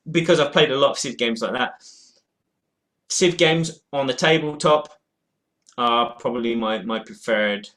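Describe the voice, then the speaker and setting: A man's voice: medium pitch, fairly bright tone. Guy rambling into his webcam at home, lots of ums and restarts, just chatting to viewers. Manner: rambling and hesitant, with many fillers and restarts. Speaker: board game vlogger. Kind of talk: casual chat answering viewer questions. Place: at home in front of a game shelf.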